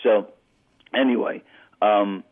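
A man telling an animated story as a guest calling into a radio show, stumbling and restarting as he goes. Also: on the low side, slow pace. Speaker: phone-in guest. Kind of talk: casual storytelling on a phone call. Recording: tinny phone line on radio.

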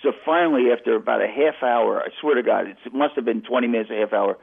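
A man telling an animated story as a guest calling into a radio show, stumbling and restarting as he goes. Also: mid-range voice, fast, creaky, breathy edge. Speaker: phone-in guest. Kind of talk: casual storytelling on a phone call. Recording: tinny phone line on radio.

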